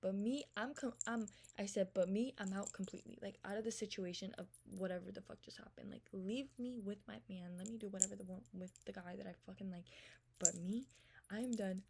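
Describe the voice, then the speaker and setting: Speaking in a medium-pitched, creaky, slightly rough voice, a young woman tells a storytime vlog about a text dispute. It's rapid and profane, full of exasperation, with loud venting broken up by hushed asides.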